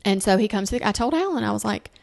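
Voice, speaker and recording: A young woman hosts a relaxed family chat and tells stories with lots of energy. Her middle-range voice swings up and down as she acts out what people said. The talk is easy and conversational. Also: mid-range voice, very fast, vocal fry. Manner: animated storyteller, acting out quotes in sing-song voices. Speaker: podcast host.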